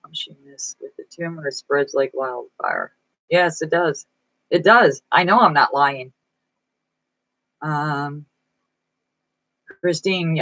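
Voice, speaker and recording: A woman's voice: sits low, fairly bright tone, dry recording, low-quality recording. A woman chatting casually on a live stream as a psychic reader, reading viewers' comments aloud and answering them, sounding weak and foggy-minded. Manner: reads viewer comments aloud and chats back. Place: indoor room at home.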